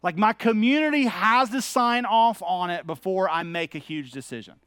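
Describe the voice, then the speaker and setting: A man's voice: sits high, lively intonation, normal speed, fairly bright tone, clear, resonant tone, no echo, studio quality. A middle-aged man, preaching a sermon as pastor in a candid, conversational, anecdotal way.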